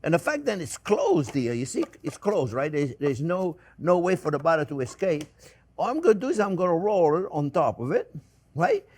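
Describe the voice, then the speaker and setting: A man's voice: on the high side, huge pitch swings, normal speed, darkish tone. An older man with a French accent, demonstrating a recipe in a kitchen in a chatty, repetitive way, often calling his viewers friends. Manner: chatty, repeats himself, addresses viewers as friends. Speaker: cooking show host. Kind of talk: casual cooking demonstration.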